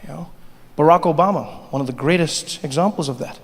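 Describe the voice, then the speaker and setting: Comedian on a stage. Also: male voice, a little high, brisk. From South Africa. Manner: animated storytelling, does voices. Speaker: stand-up comedian. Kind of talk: stand-up comedy set. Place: stage in a large hall. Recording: reverberant hall, faint ambience.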